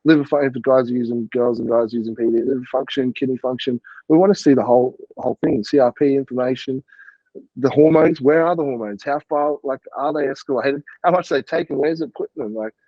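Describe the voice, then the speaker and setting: A man's voice: mid-range voice, fairly quick, no room sound, highs cut off. A man, a podcast guest and coach, chatting casually and rambling with lots of "like" and the odd swear word. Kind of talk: casual interview chat.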